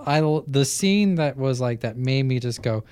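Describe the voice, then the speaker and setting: A man's voice: mid-range voice, expressive, moderate pace, darkish tone, clear, resonant tone, no room sound. A young man co-hosting a college radio show in casual chat, joking and often slipping into silly put-on voices. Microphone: studio microphone.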